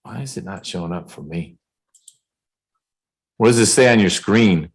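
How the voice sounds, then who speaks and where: A man presiding as judge over a remote court calendar hearing, speaking in a measured way with dry jokes, over a video call. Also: deep voice, husky, rough recording.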